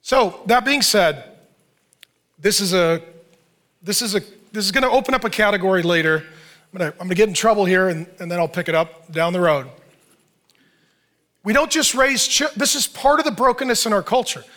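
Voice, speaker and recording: A middle-aged man preaching a sermon in an animated, joking way. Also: sits high, brisk, long pauses. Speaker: pastor.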